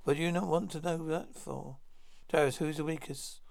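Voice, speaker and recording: A man's voice: a little high, fairly even intonation, fairly quick, vocal fry, darkish tone. A man reading a science-fiction script aloud, naming each speaker before their line. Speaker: narrator reading all parts. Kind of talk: plain read-through of a script.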